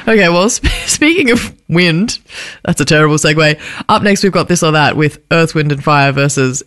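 A woman's voice: low-pitched, animated, moderate pace, a bit bright. A woman hosting breakfast radio, bantering in a playful, teasing way with her co-host. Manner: playful, teasing, laughs a lot.

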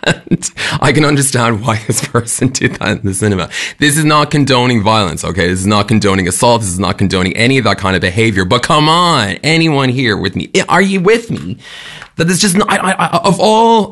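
Man, radio host, casual on-air chat from a studio; lively, gravelly, quick to laugh. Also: mid-range voice. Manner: chatty storyteller, laughs often.

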